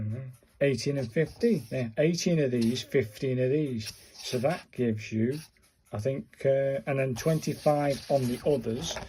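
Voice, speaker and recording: A man with a dark, mid-range voice chats casually in a vlog, muttering to himself while counting and searching, with slight background noise behind him. He's learning Japanese writing, and the talk is a relaxed, thinking-aloud tutorial.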